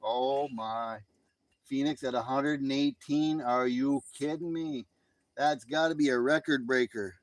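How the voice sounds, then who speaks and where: A man's voice: mid-range voice, unhurried, dry recording. A man hosting a casual late-night live stream, talking outdoors in a laid-back way, chuckling often and reading out chat messages.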